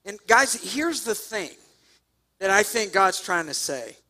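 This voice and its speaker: A man preaching a sermon, telling a story with jokes and sudden loud bursts. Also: high-pitched, sing-song, a little slow. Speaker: pastor.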